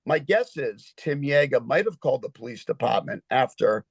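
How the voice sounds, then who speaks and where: A man's voice: mid-range voice, expressive, normal speed, gravelly, slightly rough, dry recording. Emotional man giving urgent testimony. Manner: urgent, emotional, repeats himself. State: shaken, close to tears. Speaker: witness testifying at a hearing.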